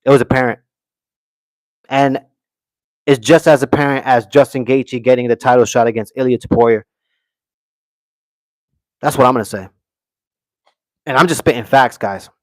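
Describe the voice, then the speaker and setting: A man's voice: mid-range voice, fairly even intonation, moderate pace, pauses often, no room sound. A man hosting a live stream, giving brash, opinionated fight commentary, reading chat comments aloud and answering them. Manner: brash, opinionated, repeats "okay" and "guys". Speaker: livestream host.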